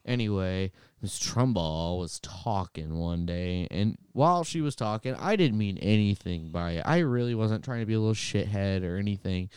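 A young man from Ohio hosting a casual podcast, telling rowdy stories full of swearing and getting loud when he retells arguments. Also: lowish voice, lively intonation, normal speed, hardly any pauses, smooth, no room sound, studio quality. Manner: profane storyteller, gets loud retelling arguments. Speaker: podcast host.

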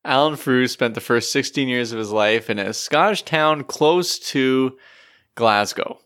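Bright-voiced man chatting on a podcast. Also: medium pitch, a little slow, smooth. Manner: chatty, laughing easily. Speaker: podcast co-host. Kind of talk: casual chat.

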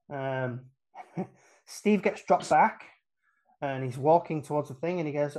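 A man in a relaxed podcast chat, eagerly recounting a film scene by scene. He slips into quick voices for the characters and breaks into laughter along the way. His voice sits at an ordinary middle pitch. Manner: animated plot recap, acts out the characters' lines, laughs often. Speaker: podcast guest retelling a film.

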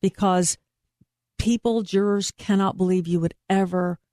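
A woman's voice: medium pitch, fairly even intonation, unhurried, mellow, no room sound. Earnest woman investigator, dry close sound. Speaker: private investigator and guest. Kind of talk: interview conversation.

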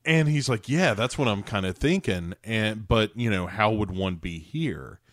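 In a laid-back podcast conversation, a co-host walks through a TV episode, bursting into the characters' lines with animation and plenty of profanity. His voice is fairly low and a little slow, in a dry, clean studio recording.

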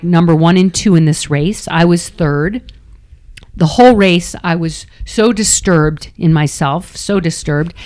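A middle-aged woman from New York, a former triathlete, telling a candid, self-deprecating story as an interview guest. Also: lowish voice.

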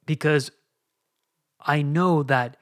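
A man's voice: fairly high pitch, drawn-out words. A man in his thirties hosting a podcast, speaking in an earnest, confessional way about his own recovery. He often repeats and restarts phrases as he talks. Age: 30s. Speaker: podcast host. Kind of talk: personal recovery monologue.

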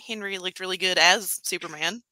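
A woman's voice: lowish voice, fairly quick, sharp tone, no room sound, low-quality recording. A woman chatting casually and agreeably on a podcast. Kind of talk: casual chat.

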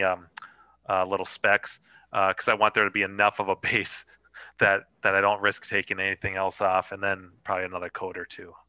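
A man's voice: on the low side, bright, forceful tone, clear, resonant tone, no echo, low-quality recording. A man hosting a podcast in casual chat, rambling with lots of fillers and swearing. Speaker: podcast host.

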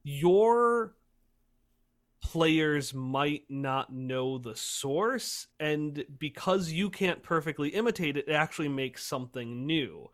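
A man who runs tabletop games, explaining his approach in casual podcast chat with lively energy. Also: a little high, takes it slowly. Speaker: tabletop game master.

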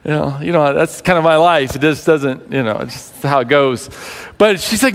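A somewhat high-voiced man preaching a sermon, telling stories and acting out the people in them. His voice rings through a large hall with a long reverb tail. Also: normal speed. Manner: animated storyteller acting out quoted voices. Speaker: pastor.

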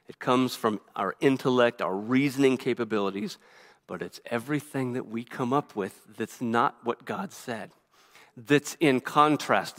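A man preaches a sermon in a rushed, earnest flow, stumbling over and restarting his phrases. His voice sits at an ordinary middle pitch. A long reverb trails every line, as in a church sanctuary. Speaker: pastor. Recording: reverberant hall.

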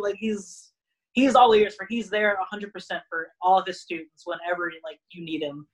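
A young man, a guest wrestler, rambling casually with lots of "like" and animated retellings of stories. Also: high-pitched, moderate pace, low-quality recording. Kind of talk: casual podcast chat.

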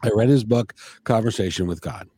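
A man's voice: on the low side, brisk, vocal fry, dark tone, slightly rough. A man hosting a spiritual conversation, earnest, often repeating words as he thinks. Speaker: podcast host.

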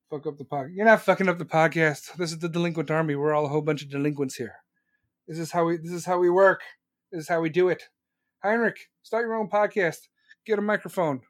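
A man's voice: a little high, no echo, clean studio sound. A man hosting a podcast, riffing casually on the live chat with crude jokes and swearing. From United States. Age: adult, still working. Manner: profane, joking, rambling banter.

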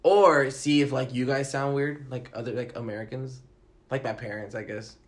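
A man's voice: mid-range voice, steady tone, normal speed. A young man co-hosting a podcast, chatting loosely, laughing and swearing. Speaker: podcast co-host. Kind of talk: casual chat.

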